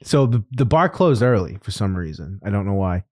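A man's voice: on the low side, fairly quick, no room sound, studio quality. A man hosting a podcast who tells a story in casual chat, swearing freely and laughing often. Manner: laughing storyteller, profane and animated. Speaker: podcast host.

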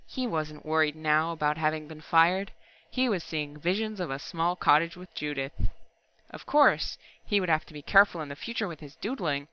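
A woman narrating a science fiction story aloud in a steady, measured audiobook reading. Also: sits low, clear, resonant tone, lo-fi sound. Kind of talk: scripted narration.

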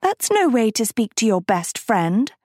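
A vain teenage girl with a high, sugary voice, as a woman reader puts her on. She coos and wheedles, every word coated in syrupy sweetness, and the reading is slow and dry, close to the mic. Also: big pitch swings, a little mellow, no room sound. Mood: coaxing. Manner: cooing, wheedling. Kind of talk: audiobook character voice.

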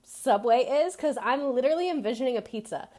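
A woman co-hosting a podcast in casual chat, animated and laughing often as she acts out quoted people. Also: high-pitched, fairly quick. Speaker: podcast co-host.

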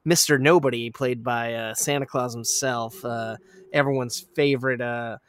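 A man casually retelling a movie plot in a rambling, profane way, with lots of fillers and quick laughs. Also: mid-range voice, steady tone, a bit bright, clear, resonant tone, no room sound, clean studio sound.

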